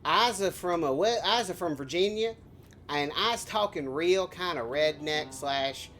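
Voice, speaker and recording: A woman's voice: lowish voice, lively intonation, unhurried, a bit bright, soft background music. A woman hamming up a drawling hillbilly redneck gal. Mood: hammy. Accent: exaggerated rural Southern US. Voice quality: drawling, hammed-up twang. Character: boastful hillbilly country woman, folksy.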